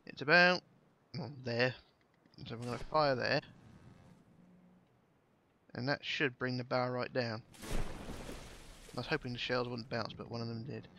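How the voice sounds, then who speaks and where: A man's voice: mid-range voice, sharp tone, lo-fi sound, slight background noise. A man giving casual, chatty commentary while playing a game, swearing now and then and thinking aloud. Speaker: gameplay commentator.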